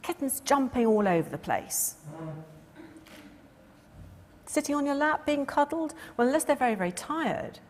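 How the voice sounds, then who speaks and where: A middle-aged woman giving a lecture in a lively, expressive way, now and then acting out the voices of a cat and its owner. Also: high-pitched, brisk. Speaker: cat behaviour speaker. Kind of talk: lecture talk. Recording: long reverb of a lecture hall.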